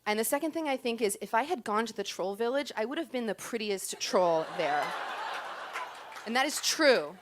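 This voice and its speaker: A woman's voice: fairly high pitch, lively intonation, normal speed, a little hiss or hum. A woman performing a comic personal story in a chatty, self-deprecating way, timing her punchlines.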